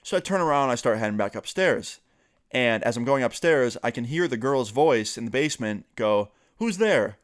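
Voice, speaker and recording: A man's voice: mid-range voice, expressive, moderate pace. A young man vlogging a casual storytime, chatty and full of fillers, slipping into the voices of the friends he quotes.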